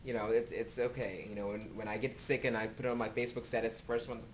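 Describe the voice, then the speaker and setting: A man answering student questions in casual talk at a university, animated and acting out quoted dialogue from his own stories. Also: on the low side, fast, few pauses. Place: university lecture room.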